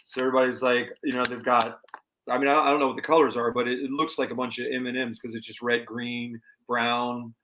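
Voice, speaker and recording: A man in a casual podcast interview, telling stories with real energy. His voice sits at an everyday middle pitch. He keeps rolling from one scene to the next and briefly acts out the people in them. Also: fast talker, rough recording. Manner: animated storyteller who acts out quoted people. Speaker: musician guest.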